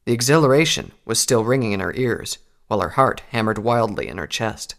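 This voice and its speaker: Man narrating a story, steady delivery, deep and gravelly. Fits audiobook fiction. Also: fairly quick. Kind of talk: scripted narration of fan fiction.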